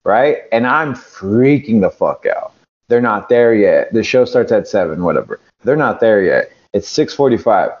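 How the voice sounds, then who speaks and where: A man's voice: lowish voice, lively intonation, normal speed, a little mellow, muffled recording. A man from California, a pro wrestler guest, telling a rambling, profane story in casual chat and acting out the other people's lines. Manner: profane, rambling, acts out quotes.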